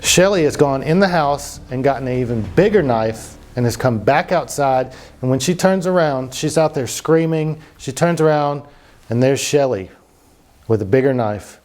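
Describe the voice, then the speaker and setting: A man's voice: medium pitch, lively intonation, normal speed, darkish tone. A man hosting a comedic true-crime podcast, telling the story in a loose, profane way full of fillers and asides. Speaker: podcast host.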